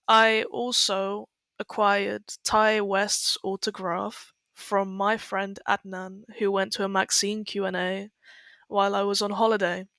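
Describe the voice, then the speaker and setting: A young woman co-hosting a podcast, giving brisk, matter-of-fact updates in casual chat. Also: medium pitch, flat delivery, fairly bright tone, no echo. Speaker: podcast co-host.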